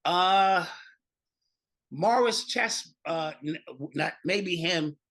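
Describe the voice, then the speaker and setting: Male author guest, husky and gravelly, high-ish voice, playful and halting. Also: a bit bright. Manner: halting, stumbling restarts, playful. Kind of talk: casual interview talk.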